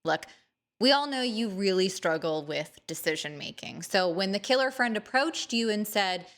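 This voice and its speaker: A woman talks straight to her viewers in a relaxed, chatty way. She teases and jokes, then lands her punchlines with mock drama. Her voice sits at an ordinary middle pitch. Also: moderate pace. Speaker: astrology video host. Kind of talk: casual playful monologue to camera.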